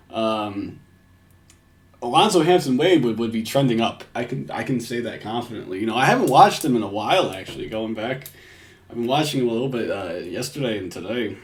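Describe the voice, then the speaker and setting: A man giving crude, casual reaction commentary from home, swearing and laughing often. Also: mid-range voice.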